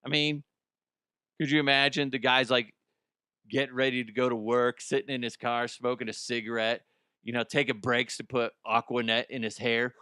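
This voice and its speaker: Here the American comedy news host delivers his rambling stories flatly at normal speed, his smooth, resonant mid-range voice pushed and bright at medium pitch. He swears casually and laughs at his own jokes, recorded close and dry without echo.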